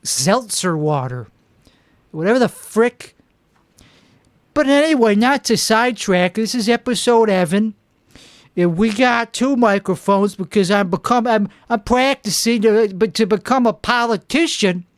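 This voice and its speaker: A man's voice: sits high, lively intonation, measured pace, no echo, clean studio sound. A man playing a self-important, clueless would-be politician who hosts a comic monologue, rambling and boastful and stumbling over his restarts. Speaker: comedy show host. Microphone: two microphones.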